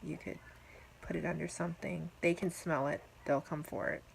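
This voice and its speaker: A woman talking casually to her viewers in a rambling, gentle, affectionate diary vlog. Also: deep voice, steady tone, normal speed, gravelly, slight background noise, poor audio. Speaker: vlogger.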